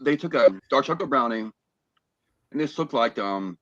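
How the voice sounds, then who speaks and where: A man's voice: medium pitch, lively intonation, moderate pace, fairly bright tone, no echo, lo-fi sound. A man telling a rambling story as a guest on a podcast, full of fillers and restarts. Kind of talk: casual chat on a call.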